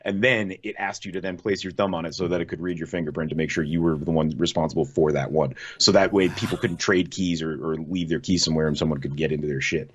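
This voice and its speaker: A man's voice: very deep voice, steady tone, fast, hardly any pauses, breathy edge. A man in his thirties co-hosting a podcast, teasing his friend, swearing freely and restarting his sentences. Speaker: podcast co-host. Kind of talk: casual chat. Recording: dull lo-fi mic.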